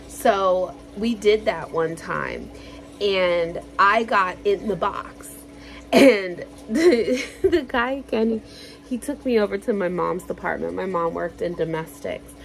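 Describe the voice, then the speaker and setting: Animated swearing woman telling stories. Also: fairly low pitch. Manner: animated, swears freely, acts out quotes loudly. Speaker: vlogger. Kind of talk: casual storytelling.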